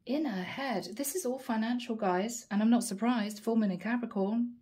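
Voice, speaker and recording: A woman reads tarot cards aloud and talks through them in a mellow, warm tone that sits a little high. She muses to herself as she goes and calls out each card in short, clipped bursts. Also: moderate pace. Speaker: tarot reader. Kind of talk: channeled tarot reading to camera.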